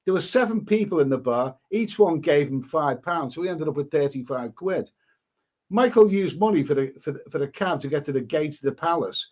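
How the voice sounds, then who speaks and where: A man's voice: fairly high pitch, lively intonation, a little fast, a little mellow, muffled recording. A man hosting a live stream, reading a story aloud in a casual way and breaking off to answer the chat.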